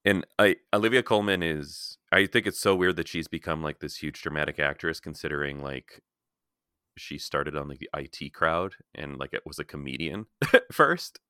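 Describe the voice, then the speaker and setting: A man's voice: a bass voice, expressive, moderate pace, pushed and bright, clear, resonant tone, dry recording, clean studio sound. A man hosting a film podcast, chatting casually and giving his opinions with lots of "like" fillers. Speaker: podcast host. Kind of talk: casual film-review chat.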